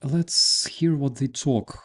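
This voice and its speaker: A man's voice: mid-range voice, takes it slowly. A man with Ukrainian as his first language, hosting a casual news commentary, sarcastic and often laughing. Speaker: host.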